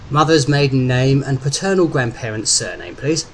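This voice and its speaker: A curt official on a phone line, flat and procedural in a formal tone, as a male narrator puts him on. The recording carries a steady hiss underneath. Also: mid-range voice, normal speed, close to an everyday voice. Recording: noisy background hiss.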